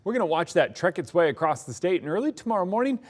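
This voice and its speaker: A man's voice: high-pitched, big pitch swings, fast. A man, the station's chief meteorologist, giving the weather forecast in a conversational way.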